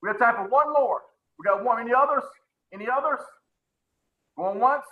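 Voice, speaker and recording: A man's voice: very high-pitched, moderate pace, phone-quality sound. A man coaching a live webinar on sales presentations, who talks with energy, repeats his phrases and calls on attendees by name.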